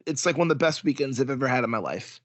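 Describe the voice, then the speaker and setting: A man hosting a casual podcast chat, his voice a little strained from yelling, animated and quick to laugh. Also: medium pitch, no echo, muffled recording. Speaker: podcast host.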